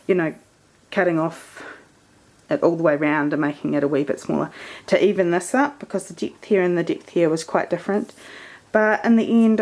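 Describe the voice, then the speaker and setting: A woman talks through her crafting project at a table camera. Her voice sits fairly low, and she rambles in a friendly, loose way with plenty of fillers. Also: darkish tone. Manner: chatty and meandering, many fillers. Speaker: scrapbooking vlogger. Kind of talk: casual crafting show-and-tell.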